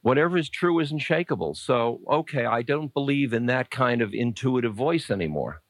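This man's mid-range voice is animated, his pace moderate, and there's no echo. Acting as a teacher in a casual spiritual talk, he muses over a question with playful bluntness and an easy, conversational tone.

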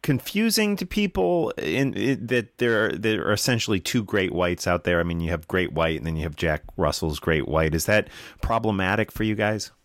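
A man's voice: sits low, expressive, moderate pace, few pauses, fairly bright tone, dry recording, clean studio sound. A man hosting a radio show, asking interview questions in a conversational way with short affirmations.

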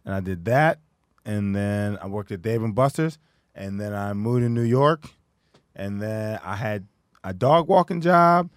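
A man's voice: lowish voice, expressive, a little slow, smooth, dry recording, clean studio sound. A man, a comedian, rambling through a list of his old jobs in a casual chat.

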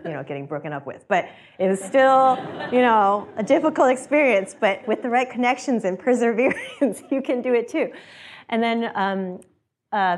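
A chatty woman speaks to an audience about founding her company, with a slightly low voice. She laughs often and acts out the people she quotes. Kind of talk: casual talk to an audience.

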